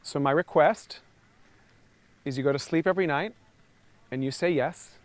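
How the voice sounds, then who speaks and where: A man coaching a group outdoors through a vocal warm-up. He is encouraging and energetic, and he calls out sounds loudly. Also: a little high, moderate pace, dry recording. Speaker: voice and communication coach. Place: outdoors near trees and a lake.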